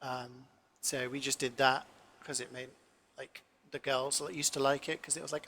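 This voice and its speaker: A cooking streamer in his twenties rambles through casual stories in his home kitchen, using lots of fillers and the occasional swear. His mid-range voice is flat and sharp in tone, at a normal speed.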